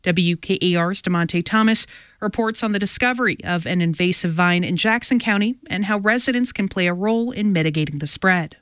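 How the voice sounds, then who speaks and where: A woman delivers local radio news in a smooth, clean voice. The studio sound is dry and close to the mic. Her reading stays measured and even. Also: fairly low pitch, no echo. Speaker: local newscaster.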